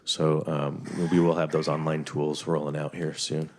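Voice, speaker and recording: A man's voice: very deep voice, level tone, measured pace, darkish tone. A man presenting an IT security training to a legislative committee, talking with many fillers and restarts.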